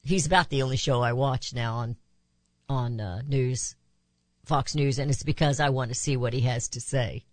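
A woman's voice: rumbling low, normal speed, no room sound. Impassioned woman talk radio host. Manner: impassioned, piles up rhetorical questions. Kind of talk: opinion talk radio monologue.

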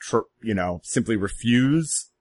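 A man acting as game master, prompting players with relaxed questions. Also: lowish voice, unhurried. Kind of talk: running a tabletop game.

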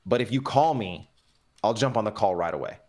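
A man's voice: on the low side, fairly quick. A man talking as a podcast guest in casual chat, with lots of inflection and plenty of fillers. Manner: animated, inflected delivery with many fillers.

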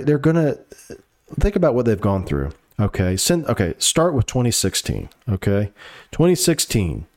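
A man with a somewhat low voice talks through a political commentary monologue in a loose, rambling way. He reads news aloud and breaks off into sarcastic asides, with fillers and restarts along the way. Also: darkish tone.

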